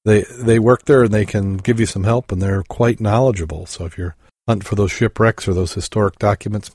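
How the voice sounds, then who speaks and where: A man's voice: on the low side, fairly even intonation, brisk, darkish tone, dry recording, clean studio sound. A man hosting a casual podcast, telling jokes and stumbling over his words. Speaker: podcast host.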